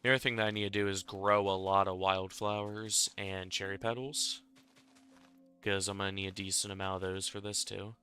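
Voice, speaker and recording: A man's voice: low voice, little pitch movement, fairly quick, bright, forceful tone, clear, resonant tone, faint music behind. A young man chatting casually while he builds in a game, rambling and self-deprecating, often chuckling at himself. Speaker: Minecraft building creator. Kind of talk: casual gameplay commentary.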